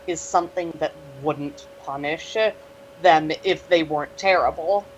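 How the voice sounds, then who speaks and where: Player with quick dry quips. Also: medium pitch, fairly even intonation, dull audio, slight background noise. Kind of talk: casual chat.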